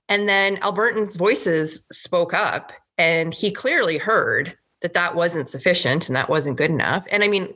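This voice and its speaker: A woman's voice: fairly low pitch, moderate pace, hardly any pauses, bright, forceful tone. A woman from Canada, a provincial legislator, talking earnestly and indignantly in a casual political podcast, with many "like" fillers.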